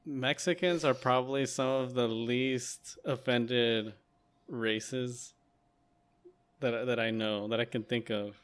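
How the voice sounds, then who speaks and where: An unhurried man on a casual podcast, thinking out loud and second-guessing himself. His voice is smooth and resonant, and he takes his time over each point. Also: mid-range voice, steady tone. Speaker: podcast co-host. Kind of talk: casual chat.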